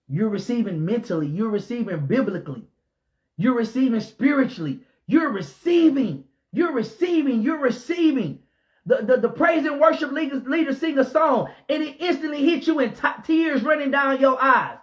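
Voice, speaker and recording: A man, a pastor, delivering an impassioned preaching rant, swinging between shouted lines and low muttered asides, with repetitive, emphatic phrasing. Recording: dull lo-fi recording.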